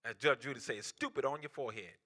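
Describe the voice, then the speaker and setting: Bright-voiced preaching man, impassioned. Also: medium pitch, fast. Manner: impassioned preaching, swinging from loud outcries to hushed near-whispers. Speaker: pastor. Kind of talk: sermon. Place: church.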